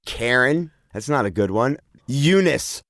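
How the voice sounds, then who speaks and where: A man's voice: mid-range voice, expressive, a little slow, a bit bright, no echo, studio quality. A man hosting a podcast in casual chat, playful and laughing often. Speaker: podcast host.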